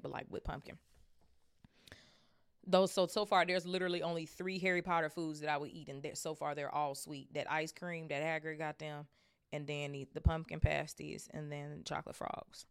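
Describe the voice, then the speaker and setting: A young woman with a deep voice full of vocal fry reads a novel aloud for her book club podcast. She keeps slipping into chatty digressions and swears casually along the way, in a close, dry recording.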